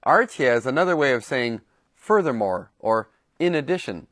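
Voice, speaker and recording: A man's voice: mid-range voice, sing-song, fairly bright tone, no room sound. Guy teaching a language lesson, bouncy intonation, repeats phrases, dry studio sound. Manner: explains slowly and repeats example phrases. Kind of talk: scripted lesson narration.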